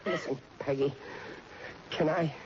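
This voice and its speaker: A man's voice: a little high, steady tone, a little slow, natural voice. An actor playing a shy, clumsy, lovestruck teenage boy who stammers awkwardly, in a 1940s radio sitcom. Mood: bashful. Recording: dull hissy old radio recording.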